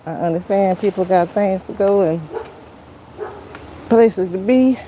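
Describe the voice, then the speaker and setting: Woman chatting to her stream viewers while potting plants outside, easygoing, says y'all a lot, kinda mellow and slow. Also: mid-range voice, dull audio, slight background noise. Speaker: gardening livestream host. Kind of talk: casual live-stream chat while potting. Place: outdoor garden near a road.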